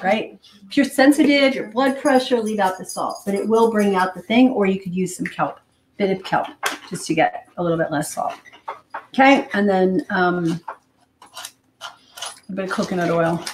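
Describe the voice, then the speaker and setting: A woman hosts a live cooking demonstration, chatty and a little rushed as she thinks aloud between steps. Her voice sits at a middle pitch and carries through a roomy home kitchen. Pots, cutlery and dishes clatter clearly behind her. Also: noisy background. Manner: hurried, chatty, thinks out loud. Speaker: cooking show host.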